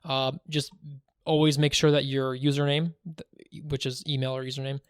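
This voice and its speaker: A man co-hosting a podcast in casual chat, chatty and joking, quick to laugh. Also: medium pitch, little pitch movement, clean tone, dry recording, studio quality. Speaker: podcast co-host.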